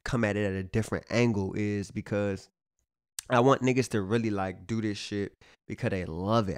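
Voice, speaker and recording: A low-voiced man riffs casually to his camera, dropping slang and curse words in a loose, rambling flow. The sound is dry and close, with no room around his voice. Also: dry recording. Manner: laid-back, profane slang-heavy street talk; filler-heavy, repeats "you know what I'm saying". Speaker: fashion vlogger.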